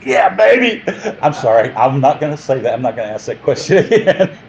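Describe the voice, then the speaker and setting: A man teaching a history class in a jokey, animated way, often quizzing his listeners. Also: medium pitch, fast talker, dull audio, slight background noise.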